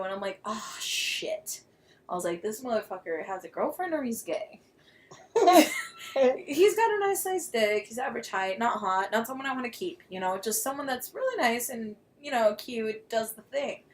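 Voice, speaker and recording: A woman co-hosting an explicit casual chat, telling a story in an animated way with loud bursts of laughter. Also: a little high, normal speed. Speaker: podcast co-host.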